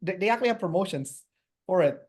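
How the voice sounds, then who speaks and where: Animated, rambling Canadian man. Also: high voice, fast, slightly rough. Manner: animated, many fillers and restarts. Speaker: interview guest. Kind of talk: casual storytelling chat.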